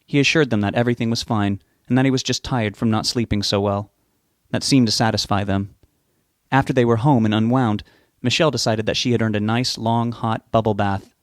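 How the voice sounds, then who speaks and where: A man narrating a novel as an audiobook reader, giving the characters' lines small lifts in pitch. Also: steady tone, fairly quick, no room sound, clean studio sound.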